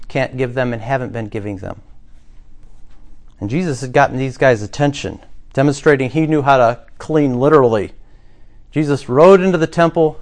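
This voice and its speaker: Male pastor with a slightly high voice, preaching a sermon with dramatic storytelling.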